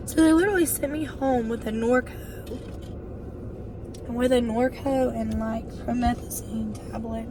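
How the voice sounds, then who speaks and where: Hoarse woman vlogging. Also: on the high side, background noise. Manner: chatty, storytelling, quick asides. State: hoarse and winded from bronchitis. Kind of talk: casual chat to camera.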